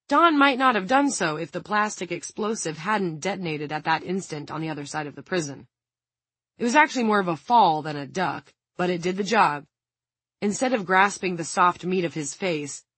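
Husky woman reading an audiobook. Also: low-pitched, a bit bright, no echo. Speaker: audiobook narrator. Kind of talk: scripted narration.

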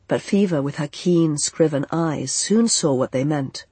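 An audiobook narrator telling a fantasy story in a soft, unhurried, expressive way. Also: mid-range voice, slightly rough, no room sound.

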